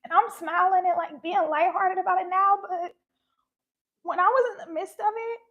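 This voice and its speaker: A woman speaking on a live stream about her faith, halting and emotionally open. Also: extremely high pitch, fairly even intonation, muffled recording. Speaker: spiritual content creator.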